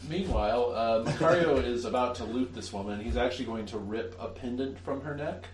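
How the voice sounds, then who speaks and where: A man's voice: medium pitch, brisk, slight background noise. A man playing a tabletop game, describing what his character does in a matter-of-fact way. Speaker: player. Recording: roomy, distant table recording.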